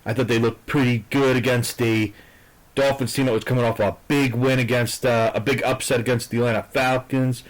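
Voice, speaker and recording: A man's voice: medium pitch, fairly even intonation, brisk, poor audio. Rambling, blunt man giving football picks. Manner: hesitant, with many fillers and restarts; blunt and profane. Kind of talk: casual rambling sports predictions.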